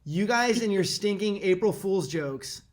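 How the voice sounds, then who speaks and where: A man prompting family stories and retelling his side casually and quickly. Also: high-pitched, animated.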